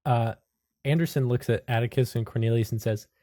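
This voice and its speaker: A man's voice: medium pitch, fairly quick, mellow. A man narrating as game master of a tabletop game, laughing often and jumping into character voices.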